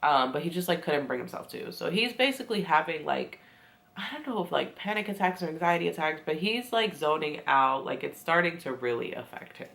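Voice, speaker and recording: A chatty young woman with a slightly low voice, recapping a series to the camera. She giggles a lot and slips into quick voices to act out what the characters say. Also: expressive, vocal fry, a bit bright. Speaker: TV recap vlogger. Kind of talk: casual recap chat.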